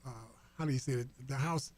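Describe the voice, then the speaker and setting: A man hosting a talk radio program, commenting on the news in a halting way, full of fillers and restarts. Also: medium pitch, steady tone, darkish tone, a little hiss or hum. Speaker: radio host. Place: radio studio. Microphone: studio microphone.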